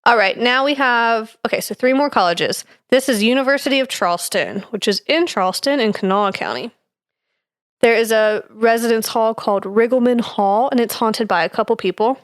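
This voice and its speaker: A woman's voice: on the high side, expressive, normal speed, dry recording, clean studio sound. Chatty woman reading ghost notes. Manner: reads from notes with fillers, laughs easily. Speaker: podcast co-host presenting research. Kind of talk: casual chat.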